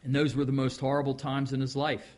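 A man preaching a sermon in a folksy way, stretching out words and swinging between loud stresses and quiet asides. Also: medium pitch, monotone, fast talker. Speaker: pastor.

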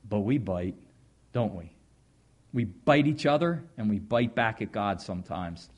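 A man preaching a sermon in a folksy way, stretching out words and swinging between loud stresses and quiet asides. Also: fairly low pitch, animated, measured pace. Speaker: pastor.

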